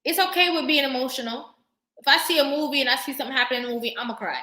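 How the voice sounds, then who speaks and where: A woman vlogger talking casually to camera, sassy and animated, laughing often. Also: high-pitched, very fast, echoey room.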